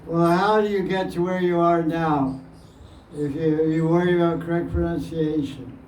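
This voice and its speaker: Male spiritual teacher, high voice, unhurried and repetitive; distant, roomy recording. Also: steady tone, a little mellow. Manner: plain-spoken, repeats phrases, chuckles often. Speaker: spiritual teacher answering questions. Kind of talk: devotional question-and-answer talk. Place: indoor gathering room. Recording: echoey room, distant mic, faint hiss.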